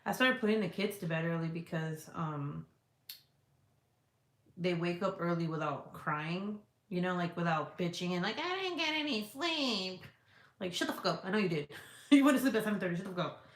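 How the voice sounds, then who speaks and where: A woman's voice: on the low side, brisk. Blunt, profane woman chatting from an echoey room. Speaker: live stream host. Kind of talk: casual live chat, reading viewer comments. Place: cold room at home.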